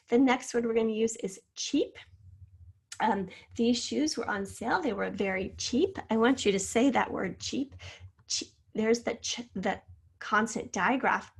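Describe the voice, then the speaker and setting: Woman teacher spelling words out slowly. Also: medium pitch, creaky. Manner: spells words out letter by letter, drawing sounds out. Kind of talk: spelling lesson for children.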